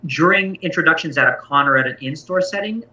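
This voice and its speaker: Man, game master, explanatory convention talk, bright sharp timbre, far from the mic. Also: a little high, fast. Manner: thoughtful, explanatory, self-correcting. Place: convention room. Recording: echoey, distant, dull sound.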